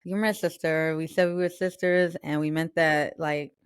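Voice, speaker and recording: Warm-supporting young woman, dry close sound. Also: deep voice, fairly even intonation, normal speed, clear, resonant tone, no echo. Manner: supportive, reassuring, reflective. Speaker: podcast co-host. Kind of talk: casual chat.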